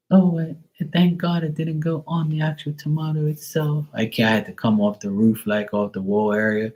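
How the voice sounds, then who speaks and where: A man's voice: lowish voice, fairly even intonation, normal speed, a little mellow. A man reading tarot on a live stream, who chats casually and tells rambling, profane stories. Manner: blunt, profane, rambling storyteller. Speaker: tarot reader.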